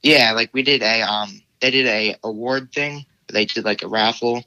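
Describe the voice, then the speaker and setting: A man's voice: medium pitch, normal speed, bright, forceful tone, dry recording, dull audio. A teenage boy answering interview questions casually, hesitant and full of fillers. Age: teens. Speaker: guest.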